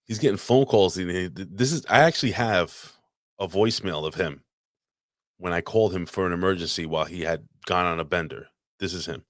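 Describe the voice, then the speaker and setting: A man's voice: sits low, a little fast, no room sound, clean studio sound. A man co-hosting a podcast, telling a long story in crude, rambling casual chat with frequent restarts. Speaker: podcast co-host. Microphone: podcast microphone.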